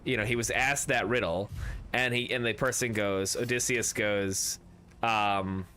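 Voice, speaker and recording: A man's voice: lowish voice, steady tone, a little slow, pushed and bright, slight background noise. Rambling, joking man at a game table. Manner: rambling, jokey, swears casually. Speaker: streamer playing a tabletop game with friends. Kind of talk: casual game-table banter.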